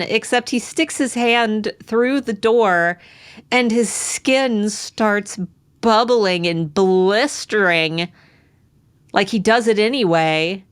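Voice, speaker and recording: A woman's voice: a little high, slow pace, smooth. A woman from the United States co-hosting a book podcast, retelling scenes chattily and acting out the characters' lines. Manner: chatty storyteller, acts out quotes. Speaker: podcast co-host. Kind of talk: casual book discussion.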